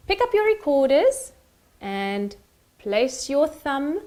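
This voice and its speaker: A woman's voice: high voice, a little mellow. Sing-song woman teaching children. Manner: cheerful, sing-song, speaks slowly to children. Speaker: music teacher. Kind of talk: children's recorder lesson.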